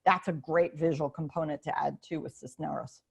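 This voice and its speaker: A woman professor answering teachers' questions in an informal online Q&A, chatty and animated, with many fillers and restarts, speaking over a video call. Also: low voice, fairly quick, creaky, husky.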